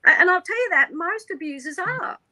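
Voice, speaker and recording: A woman, an interview guest, tells a personal story in an animated way, laughing often and acting out the people she quotes. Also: extremely high pitch, fairly quick, low-quality recording.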